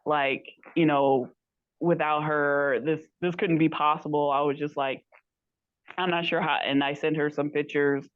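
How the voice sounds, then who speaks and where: A woman's voice: low-pitched, little pitch movement, a little slow, dry recording, lo-fi sound. A woman guest telling a story in casual chat, rambling and acting out the quoted lines of others. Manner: rambling, acts out quoted dialogue. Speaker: podcast guest.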